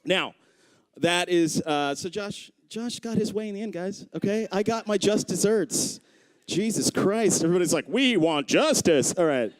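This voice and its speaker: This young adult comic is performing at a comedy club, spinning a story and playing the people in it with lively impressions. His voice sits high, moves at a normal speed, and carries no room sound.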